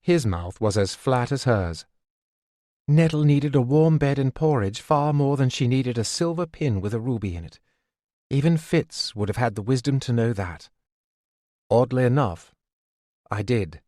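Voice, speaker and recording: Male audiobook narrator, mid-pitched, measured and steady; dead-dry close studio read. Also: no room sound. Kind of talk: scripted narration.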